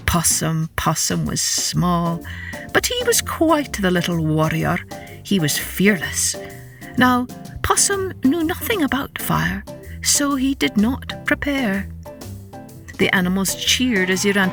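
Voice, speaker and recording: A woman telling a folktale to children, expressive and playful, voicing sound effects as she goes. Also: mid-range voice, slow pace, soft background music. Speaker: children's storyteller. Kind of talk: storytelling narration for children.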